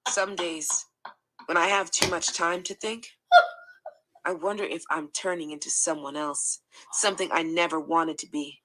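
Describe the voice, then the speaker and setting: A woman reading a first-person account aloud in a steady, matter-of-fact way. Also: fairly low pitch, moderate pace, very noisy. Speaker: reader.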